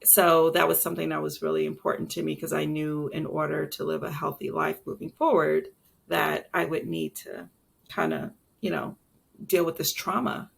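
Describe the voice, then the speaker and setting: Late-40s woman guest, low gravelly fry voice, candid chatty storytelling, lots of ums. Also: fairly even intonation, moderate pace, a little hiss or hum. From Brooklyn and South Carolina. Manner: candid, reflective, many fillers and restarts. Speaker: guest chef and entrepreneur. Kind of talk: casual interview storytelling.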